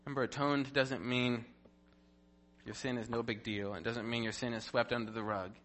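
A man giving a devotional Bible teaching, animated and playful, full of rhetorical questions and jokes. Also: medium pitch, normal speed.

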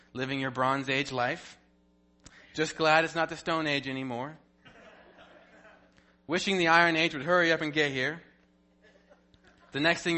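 A man giving a devotional Bible teaching, animated and playful, full of rhetorical questions and jokes. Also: on the high side.

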